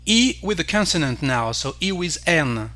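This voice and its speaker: A man with a French accent, a native French speaker, teaching pronunciation carefully and repeating each word slowly. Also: a little high, very animated, pushed and bright. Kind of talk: slow pronunciation lesson.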